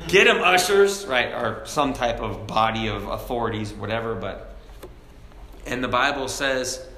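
Bright-voiced preacher in echoey room. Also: male voice, fairly low pitch, a little slow. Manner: animated, raises his voice for emphasis; reads scripture in old-fashioned wording. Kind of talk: Bible study teaching. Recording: echoey room with faint background noise.

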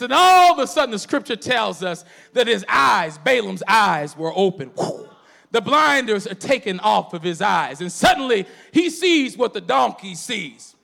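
A man's voice: sits high, sing-song, measured pace, gravelly, sharp tone. A man preaching a sermon, telling the story in a folksy way and calling out to the congregation for responses.

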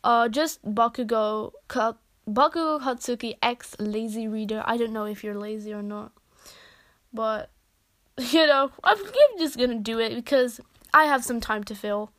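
A woman's voice: on the high side, unhurried, fairly bright tone, no echo. A young woman reading fan stories aloud with giggly, casual asides. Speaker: fanfiction reader.

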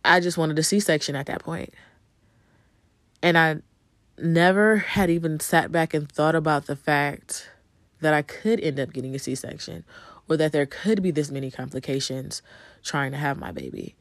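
A vlogger tells viewers her birth story conversationally, with lots of ums and repeated phrases. Her deep voice is animated and at normal speed, recorded without echo.

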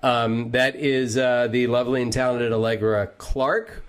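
A man's voice: medium pitch, steady tone, measured pace, clear, resonant tone. A man hosting a casual interview podcast, reading viewer questions in a loose, chatty way full of asides, from a home voice booth. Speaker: podcast host, voice actor.

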